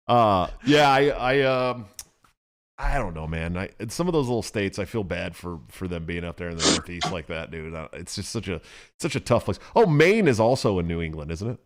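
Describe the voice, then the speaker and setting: A man from California hosting a podcast, chatting loosely with swearing and a trailing, mumbled delivery. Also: normal speed. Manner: loose, swearing, animated then mumbling low. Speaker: podcast host. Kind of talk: casual podcast chat.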